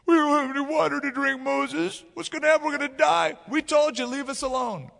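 A man's voice: high-pitched, fairly quick, fairly bright tone, long reverb tail, voice pushed up. A man voicing a complaining crowd of desert wanderers with a nagging, self-pitying whine. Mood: whining.

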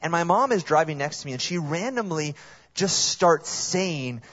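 A man preaching a sermon as a guest pastor, animated storytelling that drops suddenly to quiet asides. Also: fairly high pitch, normal speed, lo-fi sound.

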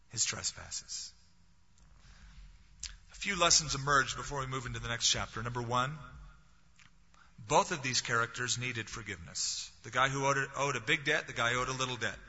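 Bright, husky-voiced preacher in a hall. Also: male voice, mid-range voice. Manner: conversational, with wry humorous asides. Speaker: pastor. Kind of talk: sermon. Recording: reverberant hall, dull lo-fi sound.

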